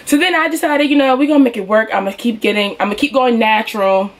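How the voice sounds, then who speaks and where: A young woman getting over a cold, telling her hair story in a casual, animated vlog and speaking to viewers as y'all. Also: on the high side, fast talker. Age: young adult. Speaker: beauty vlogger.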